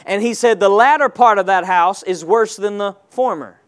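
High-voiced man preaching a sermon. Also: normal speed. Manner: call-and-response preaching, rising to emphatic shouts.

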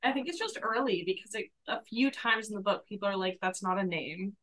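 A young woman explains a novel's plot on a casual podcast, earnest and careful. Her voice sits in a middle pitch range. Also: fairly quick, a bit bright, low-quality recording. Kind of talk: casual book-podcast chat.

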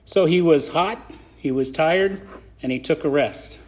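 A man's voice: fairly high pitch, a little slow, darkish tone. A man preaching a conversational sermon on a podcast, acting out scripture scenes in voices.

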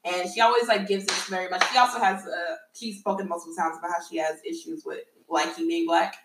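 A woman's voice: lowish voice, steady tone, quick pace, recorded from a distance, slight background noise. Frank woman podcast host in echoey room. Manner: frank, profane, laughs often. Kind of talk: casual podcast chat. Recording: echoey room, a bit off-mic.

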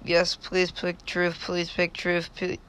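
A man's voice: high-pitched, completely flat delivery, takes it slowly, fairly bright tone, clean tone. A man voicing a cheerful girl pup. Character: cheerful young female pup.

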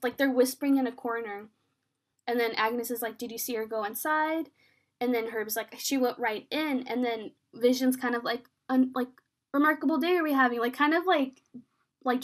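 High-voiced chatty woman. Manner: animated, filler-heavy retelling with quoted lines. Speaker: podcast co-host. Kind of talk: casual chat recapping a TV episode.

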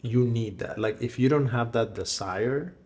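A man interviewing a singer in a relaxed, conversational way, sharing his own stories between questions. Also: medium pitch, a little slow. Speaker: interviewer, filmmaker.

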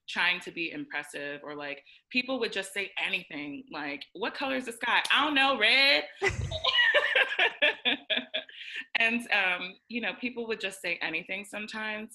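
A young woman co-hosting a podcast, telling a story in casual chat, animated and acting out quoted lines with many fillers. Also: on the low side, low-quality recording. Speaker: podcast co-host.

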